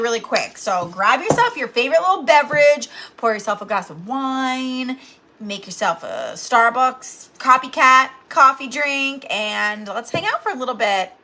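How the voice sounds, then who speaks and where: A woman's voice: high voice, sharp tone, slight background noise. A woman in her thirties hosting a live craft tutorial from home, chatty and bubbly, greeting viewers by name as she talks. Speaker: craft channel host.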